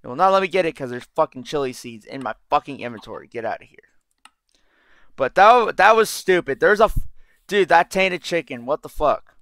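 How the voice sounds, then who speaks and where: High bright-voiced young man swearing through gameplay. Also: animated, brisk, dry recording, clean studio sound. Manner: frustrated, swears constantly, rambling and repetitive. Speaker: let's play gamer. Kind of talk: casual gameplay commentary.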